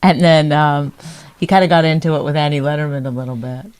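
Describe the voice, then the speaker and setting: A woman's voice: deep voice, quick pace, darkish tone, clear, resonant tone, no echo. A woman co-hosting a comedy podcast, teasing and sarcastic, often cutting in. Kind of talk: casual comedic banter.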